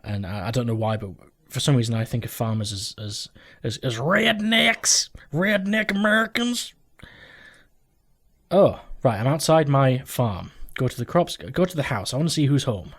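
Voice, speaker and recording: A man's voice: mid-range voice, brisk, few pauses, a little mellow, breathy edge. A man hosting a let's play from home, rambling through game commentary, joking and swearing casually as he goes.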